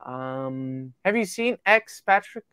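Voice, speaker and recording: A man from the UK hosting a casual podcast, reading out listener rankings with quick jokey asides. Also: medium pitch, expressive, bright, forceful tone, clear, resonant tone, dry recording. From United Kingdom. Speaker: podcast host.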